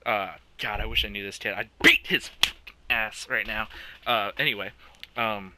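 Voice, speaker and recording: A man's voice: lowish voice, fairly even intonation, moderate pace, pushed and bright, slight background noise. A young man co-hosting a podcast, telling a childhood story in casual chat, laughing often and swearing. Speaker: podcast co-host.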